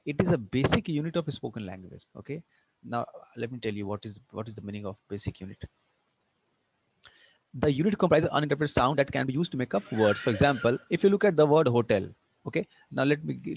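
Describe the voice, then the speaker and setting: A man teaching English with an Indian accent in an online lecture, explaining slowly and repeating words. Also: mid-range voice, animated, creaky, a little hiss or hum. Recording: dull muffled online-class audio.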